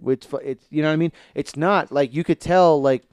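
A man's voice: a little high, normal speed, clean tone, dry recording, clean studio sound. A man in casual podcast chat about TV shows, rambling with many fillers and restarts and swearing casually.

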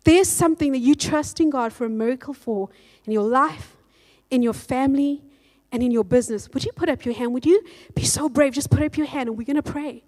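Woman pastor preaching, high voice, reads scripture, acts stuff out. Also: fairly quick, a little mellow. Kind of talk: sermon.

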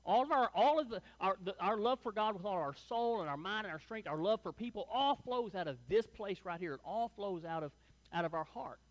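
A man's voice: high-pitched, expressive, brisk, long reverb tail, muffled recording. A middle-aged man, a pastor, preaching a sermon to his church in a folksy, conversational way that leans on tag questions. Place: church sanctuary before a congregation.

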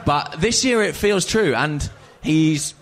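A man's voice: a little high, expressive, slow, a bit bright, a little hiss or hum. A man co-hosting a live podcast recorded in a bar, chatty and joking. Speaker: podcast co-host.

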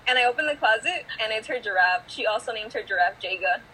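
Fast-talking bright teen girl host. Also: fairly high pitch, lively intonation, slight background noise, rough recording. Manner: rambling, filler-heavy storytelling full of "like". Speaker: podcast host. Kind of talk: casual chat, storytelling.

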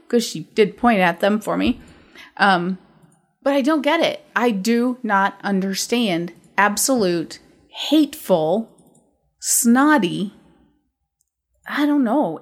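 A woman hosting a podcast in casual chat, telling stories in a blunt, profane, ranting way. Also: a little high. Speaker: podcast host.

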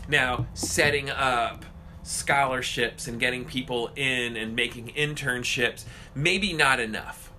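A man co-hosting a casual podcast chat, ranting and swearing in an animated way. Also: medium pitch, slow pace, a little hiss or hum.

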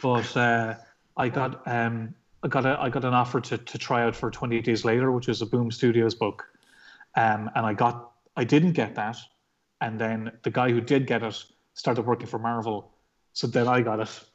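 A man's voice: mid-range voice, little pitch movement, normal speed, lo-fi sound. An Irish man, a comic book artist, telling his story in a casual interview, rambling with lots of fillers and swearing. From Ireland.

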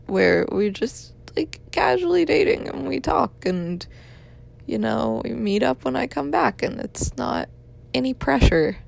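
A young woman in her twenties talks slowly into a voicemail, exhausted and yawning. Her fairly high voice is thick with gravelly fry, and she keeps apologizing for rambling. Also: darkish tone. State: tired, yawning. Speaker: caller leaving a voicemail.

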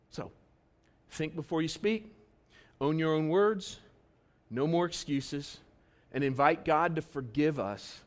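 A man with a fairly high voice preaches to his congregation like he's talking with friends. He jumps from raised, emphatic lines to hushed, earnest ones, and he keeps an easy, conversational tone. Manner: conversational preaching that swings between loud bursts and quiet asides. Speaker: pastor. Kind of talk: sermon. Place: church service.

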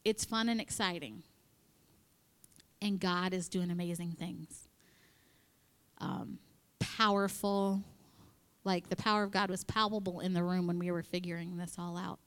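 A woman giving an animated devotional talk at church, acting out quotes and dropping into whispers. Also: lowish voice, a little slow, long pauses. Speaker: church speaker.

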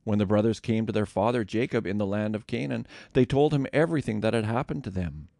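A man narrating scripture in a measured, deliberate scripted reading. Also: lowish voice, creaky, warm tone, dry recording, studio quality. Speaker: scripture reader.

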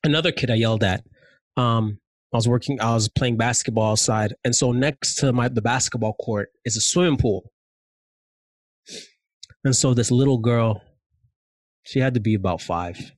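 A man telling stories in casual chat, animated and slangy, with many fillers. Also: mid-range voice, moderate pace, pauses often, dry recording.

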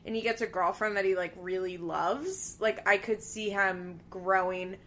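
A woman's voice: medium pitch, fairly even intonation, moderate pace, a bit bright. A young woman hosting a podcast, chatting casually and animatedly about a reality show, with lots of "like". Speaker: podcast host. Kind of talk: casual chat.

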